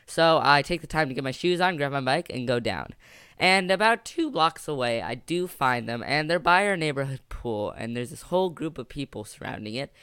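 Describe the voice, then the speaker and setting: Young male storyteller, rambling comic delivery, bright smooth voice. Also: a little high, animated, moderate pace, no room sound. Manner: rambling, jokey, full of filler words. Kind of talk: casual storytime narration.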